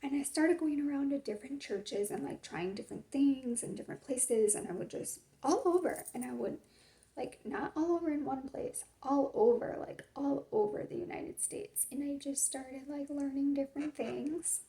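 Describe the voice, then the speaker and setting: A young woman talks through her own story in a loose, meandering testimony, leaning on "like" and "you know" at every turn. Her voice sits a bit high but sounds dark and mellow, with a gravelly fry running through it. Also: moderate pace. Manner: rambling, filler-heavy, lots of "like". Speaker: hairstylist sharing her faith story. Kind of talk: casual personal testimony.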